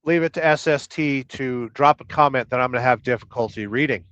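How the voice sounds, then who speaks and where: A man's voice: medium pitch, a little fast, a bit bright, dry recording, highs cut off. Joking male trucker on a livestream. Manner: jokey, rambling, reads chat aloud. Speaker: livestream host, truck driver. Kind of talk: casual live-stream chat. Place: truck, waiting to unload.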